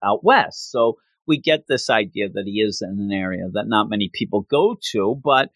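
A man co-hosting a podcast and telling a casual, joking recap of a cartoon episode like an animated storyteller. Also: on the low side, moderate pace, dry recording. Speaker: podcast co-host.

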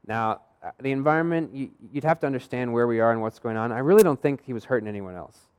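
A young man delivers a sermon as a running story, chatty and easygoing. He slips into other people's voices when he quotes them. His pitch sits in a plain middle range. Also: expressive, fast, darkish tone, clear, resonant tone. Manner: conversational, acts out quoted dialogue. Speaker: pastor.

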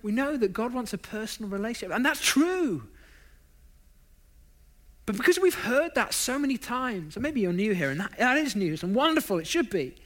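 A man's voice: very high-pitched, sing-song, moderate pace, fairly bright tone. A man preaching a sermon, stacking up emphatic lists of phrases and dropping in self-deprecating asides.

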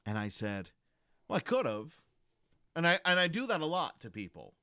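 A man in his thirties tells stories in a casual chat. His voice is bright and forceful, and his pitch swings widely. He keeps restarting his sentences, and the sound is dry and close. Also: normal speed, smooth, no room sound. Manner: animated storytelling with frequent restarts.

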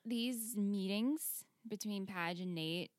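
A woman's voice: mid-range voice, takes it slowly, no room sound, clean studio sound. A woman co-hosting a podcast, chatting casually and giving passionate opinions about a TV show. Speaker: podcast co-host. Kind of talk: casual chat.

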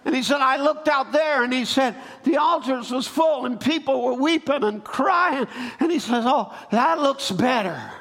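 A man preaching a sermon, rising from calm storytelling into loud, fervent exhortation. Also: very high-pitched, normal speed, few pauses. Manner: building to shouted exhortation.

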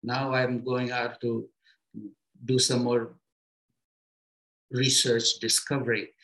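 Unhurried man giving a spiritual talk. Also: mid-range voice, flat delivery, low-quality recording. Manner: gentle, unhurried, speaks in short phrases with pauses; simple everyday comparisons, encouraging tone. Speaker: spiritual teacher.

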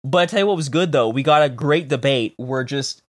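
A man co-hosting a casual comedic political podcast, joking loudly and slipping into silly put-on voices. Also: medium pitch, fairly quick. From Canada. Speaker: podcast co-host.

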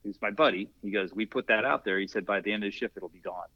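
An older man with a fairly low voice tells stories about the firehouse, slipping into the voices of the people he quotes. The sound is dry and a bit dull, like lo-fi podcast audio. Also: fast, dry recording. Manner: animated storyteller acting out quoted dialogue. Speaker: interview guest, masters athlete and former firefighter. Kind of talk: casual storytelling in an interview.

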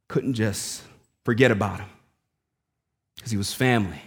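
A man preaching a sermon, telling a family story in a casual, conversational way and dropping his voice low and quiet when quoting people. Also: moderate pace, long pauses, slightly rough. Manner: conversational, casual slang, voice drops low and quiet for quoted lines. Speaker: pastor.

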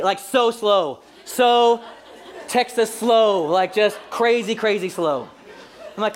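A male pastor in his forties giving a sermon in a relaxed, conversational way. He keeps things light with humor and acts out small everyday scenes as he goes. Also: high-pitched, slow, some chatter behind, slight background noise.

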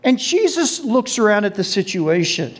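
High-voiced man preaching a sermon. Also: moderate pace. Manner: animated storytelling, acting out quoted voices; addresses the congregation directly. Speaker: pastor.

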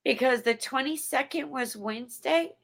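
A woman's voice: high voice, normal speed, gravelly. A woman guest speaking earnestly and from the heart about a personal decision. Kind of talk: emotional personal account.

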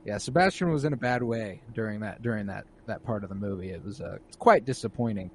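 A man's voice: fairly low pitch, quick pace, a little hiss or hum. A young man in casual conversation about a movie, laid-back and given to swearing, now and then acting out the characters' lines. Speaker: co-host discussing a film. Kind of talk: casual chat.

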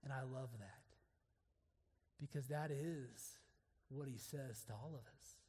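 A man preaching an earnest sermon to other men, moving between hushed, intimate passages and emphatic declarations. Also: medium pitch, slow pace, long reverb tail.

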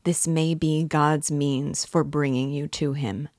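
An earnest middle-aged investigator pleads with slow, patient insistence, read by a woman in her own low, unhurried voice. The sound is dry and close, with no room around it. The manner is fatherly and pressing. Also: fairly even intonation, a little mellow, no room sound.

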